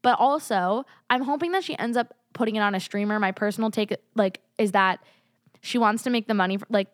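A woman's voice: mid-range voice, a little fast, dry recording. Podcast host, young woman, casual chatty rant, a little under the weather, dead dry close mic. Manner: animated, heavy use of "like", swears freely. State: sick. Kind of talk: casual opinion chat.

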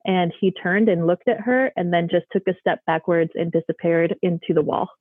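A woman's voice: fairly low pitch, normal speed, dry recording. A woman telling a personal story casually, rambling loosely with many fillers like "like" and "um". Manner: chatty, loose, lots of "like" and "um". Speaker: guest telling ghost stories. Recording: dry, tinny phone-like line.

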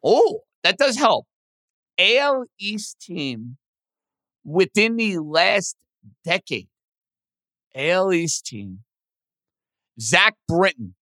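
Lively, bright-voiced sports radio host. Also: male voice, sits high, extremely slow, pauses often, no echo. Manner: animated, thinks out loud, self-deprecating. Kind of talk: casual sports talk, answering trivia.

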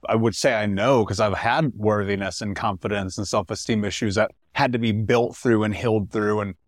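A man's voice: fairly low pitch, fairly even intonation, fairly quick, no echo, clean studio sound. A man hosting a podcast interview in casual, emphatic chat, tossing in slang like "dude" and "man". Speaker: podcast host.

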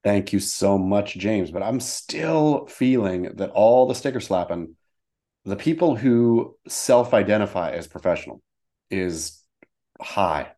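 Low-voiced playful male podcast co-host. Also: expressive, a little slow, dark tone. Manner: laughing, playful. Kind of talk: casual chat.

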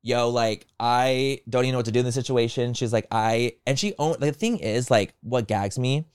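A man co-hosting a podcast, retelling online drama in rapid, animated bursts and acting out quoted people. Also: mid-range voice, clear, resonant tone, no echo. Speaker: podcast co-host. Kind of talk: casual gossip chat.

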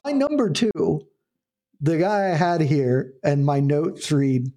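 A man's voice: fairly high pitch, slow pace, mellow. Chatty laughing man co-host. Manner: rambling, laughs often, restarts sentences. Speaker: podcast co-host. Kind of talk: casual chat.

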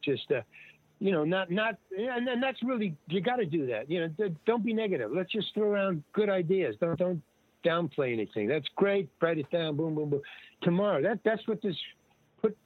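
An older man with a fairly high voice spins loose, digressive stories and drifts from one thought to the next. He slips into the voices of people he quotes. The sound is thin, dry and phone-like, with no room around it. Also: expressive, brisk, no echo. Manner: rambling, digressive, acts out quoted dialogue. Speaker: guest actor and comedian. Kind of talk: casual conversational storytelling. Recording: tinny dry phone-like line.

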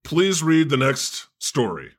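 A man hosting a comedy podcast, excitable, laughing often and swearing. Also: a little high, slow pace, slightly rough. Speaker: podcast host.

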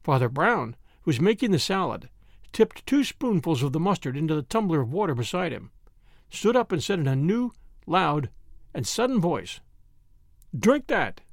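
A man narrating a story as an audiobook in a measured manner. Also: on the high side, sing-song, dry recording, studio quality. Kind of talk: audiobook reading.

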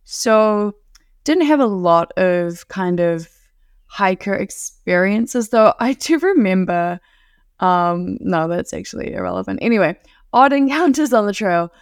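A woman's voice: mid-range voice, animated, unhurried, clean tone, no room sound, clean studio sound. A young woman with a New Zealand accent, a guest telling hiking stories in casual chat. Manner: chatty storyteller, laughs often.

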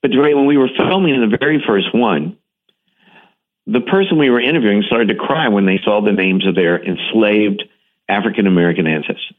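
A man's voice: fairly low pitch, fairly quick. A man being interviewed who tells his stories with enthusiasm and emphasis and often restarts his sentences. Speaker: interview guest, TV series host. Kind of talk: animated storytelling in an interview. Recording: phone-like narrow radio line.

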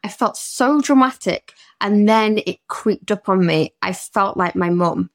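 A woman's voice: mid-range voice, a little slow. A British woman who works as a therapist talks openly on a podcast. She tells personal stories in a candid, emotional way. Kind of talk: podcast conversation.

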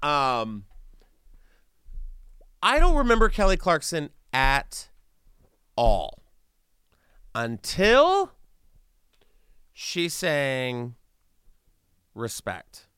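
Animated gay man telling stories. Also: a little high, clean tone, no room sound, clean studio sound. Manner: animated storytelling with playful asides. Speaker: podcast host. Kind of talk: casual chat.

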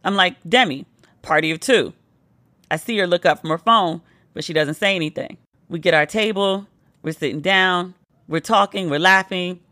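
Tipsy woman podcast host, animated storytelling. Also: on the low side, dry recording. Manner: animated, playful, mimics friends' voices. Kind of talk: casual storytelling monologue.

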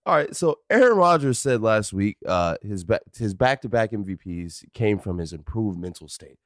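Male co-host, twenties, low voice, dry close mic, reads topics, laughs easily. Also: very animated, moderate pace, no echo. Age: 20s. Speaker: podcast co-host. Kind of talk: casual podcast chat.

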